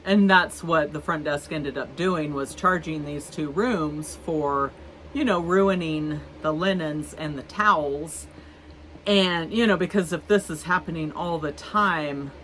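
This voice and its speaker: Slow-talking chatty woman in her fifties. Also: sits low, a bit bright, a little hiss or hum, rough recording. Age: 50s. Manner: chatty and rambling, with many fillers and restarts. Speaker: vlogger. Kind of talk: casual storytelling to camera.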